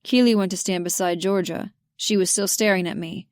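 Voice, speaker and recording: A woman narrating a romance audiobook, lively and giving the characters their own voices, on a close mic. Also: on the low side, brisk, dry recording.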